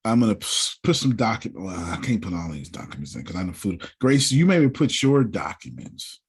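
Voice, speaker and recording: A man's voice: lowish voice, very animated, a little fast, husky. A man running a casual team meeting. He talks in a loose, joking, colloquial way and laughs often. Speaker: company founder leading a team meeting.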